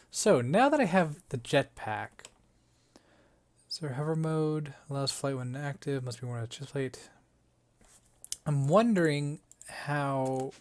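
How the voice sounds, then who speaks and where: Casting: gamer host, mid-pitch voice, casual thinking-aloud commentary, playful self-mocking asides. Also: slight background noise. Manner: thinks aloud, talks to the game and items. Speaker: let's play host.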